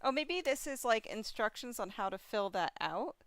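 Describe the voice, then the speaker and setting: A woman co-hosting a casual unboxing chat, slowly sounding out foreign words and laughing along. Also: a little high, animated, a bit bright. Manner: slow, halting, sounding out Japanese words with laughs. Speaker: co-host.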